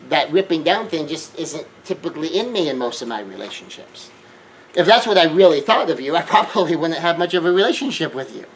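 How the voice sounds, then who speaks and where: A man giving an earnest self-help lecture, shifting between hushed remarks and emphatic raised lines. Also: sits high, a little hiss or hum, rough recording. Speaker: speaker.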